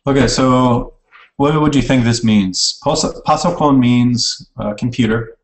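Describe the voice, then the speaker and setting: Typing while he talks, an online language teacher delivers a casual recorded lecture and keeps correcting himself. He speaks a little slowly in a mid-range voice. The mic is distant and the room echoes.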